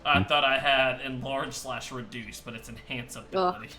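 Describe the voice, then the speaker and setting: A woman's voice: a bass voice, fairly even intonation, moderate pace, pushed and bright, slight background noise. A woman playing a tabletop game, chatting in a wry, chatty way. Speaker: player. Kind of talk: casual chat at a tabletop game. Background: music playing.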